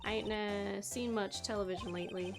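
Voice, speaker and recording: A woman's voice: mid-range voice, fairly even intonation, fairly quick, natural voice. Woman putting on a brash young Southern gal, drawling Southern US accent, folksy game character, game music behind. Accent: Southern US, put on.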